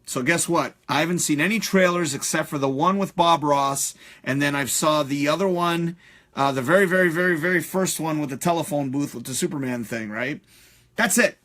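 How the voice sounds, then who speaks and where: Man, fairly high voice, profane live-stream rant, loose and animated. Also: normal speed. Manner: profane, animated ranting with frequent fillers. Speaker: host.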